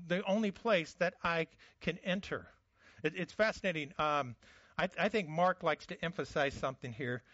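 A man's voice: high voice, fairly bright tone, no echo, dull audio. A man preaching a conversational sermon as a pastor, often restarting his words.

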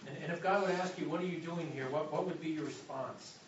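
A male pastor preaching a sermon, moving between loud urgent passages and soft hushed ones. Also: a little high, quick pace, distant mic, a little hiss or hum. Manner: dynamic preaching, drops to a soft hush for God's voice. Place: church hall. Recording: echoey, muffled hall recording from afar.

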